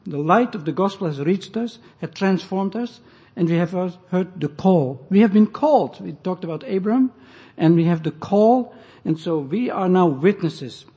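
A man preaching a sermon, measured and emphatic, pausing between short phrases. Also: high-pitched, animated, mellow, breathy edge. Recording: dull sound with long hall reverb.

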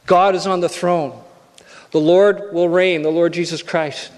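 A man preaching in an earnest way, pressing his point by repeating key phrases. His voice sits fairly high for a man. The sound rings with the long reverb of a church hall. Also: fairly even intonation, measured pace. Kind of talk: sermon.

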